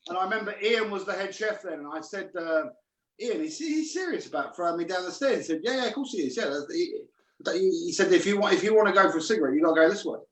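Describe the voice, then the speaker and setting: Higher-voiced guy telling sweary chef stories, sounds far off in an echoey room. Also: animated, quick pace, fairly bright tone. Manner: swears freely, laughs while telling stories. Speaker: guest chef. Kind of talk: casual storytelling on a video call. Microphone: video call.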